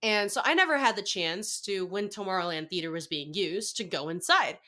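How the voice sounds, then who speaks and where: A young woman telling a story in a casual podcast chat, excitable and acting out her own reactions. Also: mid-range voice, moderate pace. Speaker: podcast guest.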